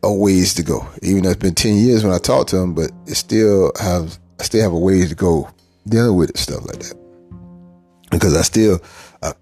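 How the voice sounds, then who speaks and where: Male podcast host, husky, reflective monologue, emphatic with restarts, faint music bed. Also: sits low, normal speed, mellow. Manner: candid, rambling, emphatic, with frequent restarts.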